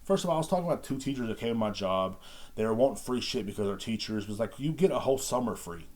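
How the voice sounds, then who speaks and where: Brash, profane man, low voice. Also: rapid-fire. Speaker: podcast host. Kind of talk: casual rant podcast.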